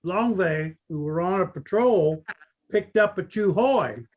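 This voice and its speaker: Older guy, higher voice, talks slow, lots of uh's, telling old war stories. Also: lively intonation, a little mellow. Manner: halting, full of uh fillers. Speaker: veteran recounting a battle. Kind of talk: unscripted recollection.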